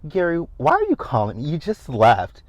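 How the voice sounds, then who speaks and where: A man's voice: a little high, huge pitch swings, moderate pace, no echo, voice pushed up. A man voicing a naive young woman who keeps asking puzzled questions on the phone.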